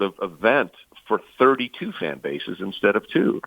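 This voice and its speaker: Male guest broadcaster, very low and gravelly, dry thin line, chatty storyteller. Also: very animated, moderate pace, no room sound. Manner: storytelling, many fillers and restarts. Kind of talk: casual chat. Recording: tinny phone-like line.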